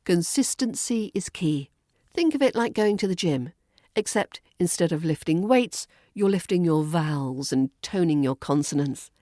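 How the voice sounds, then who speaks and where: A woman with a British RP accent, teaching pronunciation in a playful podcast lesson and slowly modelling words. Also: lowish voice, expressive, dark tone, dry recording, clean studio sound. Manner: crisp, playful teaching with slow demonstrated words. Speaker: accent coach.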